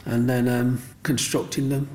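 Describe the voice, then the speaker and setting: A man's voice: mid-range voice, level tone, a little slow, a little mellow, a little hiss or hum. An older man with a Black Country accent tells stories from his childhood in an earnest, rambling way, acting out other people's voices. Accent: Black Country English. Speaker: interviewee. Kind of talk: reminiscing storytelling.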